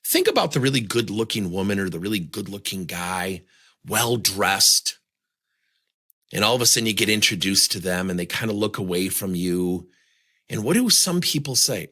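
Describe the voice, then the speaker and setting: A man's voice: lowish voice, lively intonation, normal speed, bright, forceful tone, husky. A man giving a motivational talk on communication, leaning on many rhetorical questions. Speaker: speaker on communication.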